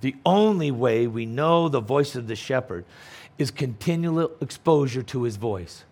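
A man's voice: mid-range voice, animated, a little slow, a little mellow. A middle-aged male pastor preaching a sermon in an emphatic, conversational way, full of rhetorical questions.

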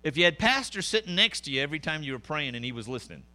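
A middle-aged man preaching a sermon, conversational and animated, with frequent asides to the congregation. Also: on the high side, very fast, faint music behind. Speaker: pastor.

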